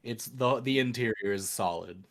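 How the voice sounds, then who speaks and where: A man as game master, describing a scene in a tabletop game with many pauses, fillers and restarts. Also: mid-range voice, a bit bright.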